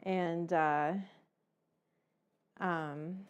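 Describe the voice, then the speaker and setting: A middle-aged woman hosts a cooking livestream in a slightly lower register, rambling from one thought to the next. She swears casually and fills her talk with fillers while she chats to her viewers. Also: fairly even intonation, drawn-out words, clean tone, muffled recording. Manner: rambling, chatty and profane, with frequent fillers. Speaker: cooking show host.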